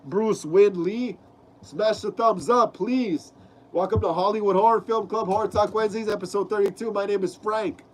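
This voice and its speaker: A man's voice: high-pitched, normal speed, a little hiss or hum, low-quality recording. A young man hosting a casual live stream, reading out viewer comments in laid-back slang with lots of fillers.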